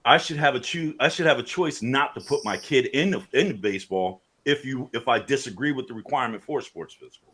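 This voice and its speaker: A man's voice: mid-range voice, a bit bright. Insistent man arguing on a podcast. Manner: insistent, repeats his point. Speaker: podcast co-host. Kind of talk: casual debate chat.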